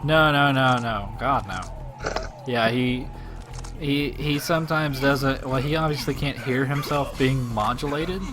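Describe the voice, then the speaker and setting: A man's voice: mid-range voice, unhurried, over music. A man casually commentating a video game with a friend, offhand and crude in his jokes. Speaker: let's play commentator.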